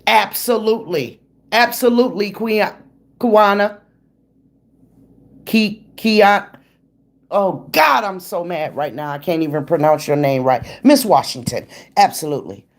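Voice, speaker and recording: A woman hosting a true crime livestream in an unhurried, drawn-out delivery. She talks bluntly and confrontationally, with plenty of slang. Her pitch sits in a middle range. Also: lively intonation. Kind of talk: casual livestream chat, greeting viewers.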